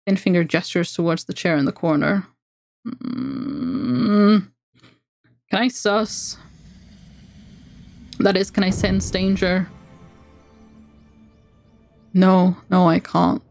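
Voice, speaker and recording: A woman streamer reading a text adventure game aloud, with playful asides and brisk narration. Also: mid-range voice, expressive, vocal fry, darkish tone, faint music behind.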